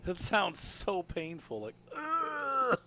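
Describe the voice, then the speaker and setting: A man's voice: mid-range voice, very animated, moderate pace. A man chatting his way through a live gameplay stream from home, rambling and laughing often. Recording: loud background noise.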